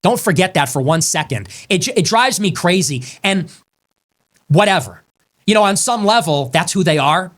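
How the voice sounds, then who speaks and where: A man's voice: sits high, expressive, normal speed, a bit bright. A man delivering heated monologue commentary on his own show, angry and combative, hammering points through repetition. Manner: angry, combative, emphatic, repeats lines for effect.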